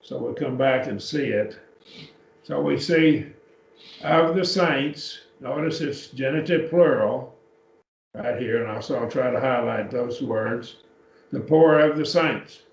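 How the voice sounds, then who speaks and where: A man with a medium-pitched voice and vocal fry teaches a Bible class in a church classroom, speaking slowly. He explains things step by step and frequently checks in with "okay?". The classroom recording sounds echoey, distant, and dull.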